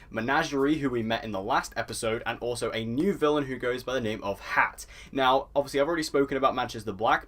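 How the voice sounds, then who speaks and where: A man rattles quickly through his review of a TV episode, chatty and enthusiastic. His voice sits at an ordinary pitch and he piles on praise as he goes. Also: a bit bright. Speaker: TV review vlogger.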